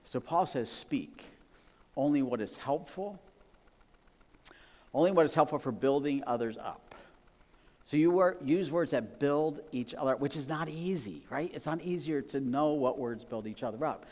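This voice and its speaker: Pastor preaching in a reverberant church. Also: male voice, on the high side, lively intonation, moderate pace, darkish tone. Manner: conversational, emphatic, often asks "right?". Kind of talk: sermon. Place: church sanctuary.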